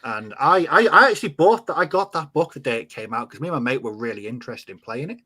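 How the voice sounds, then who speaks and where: A man's voice: medium pitch, lively intonation, fast talker, sharp tone, husky. A British man hosting a casual podcast chat, hesitant, with many fillers and restarts. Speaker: podcast host.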